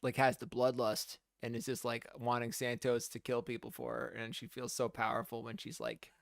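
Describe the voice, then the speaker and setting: A man co-hosting a casual podcast about films, rambling with many fillers and trailing off quietly. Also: mid-range voice, fairly even intonation, normal speed, gravelly, dry recording, studio quality. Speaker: podcast co-host. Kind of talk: casual film discussion chat.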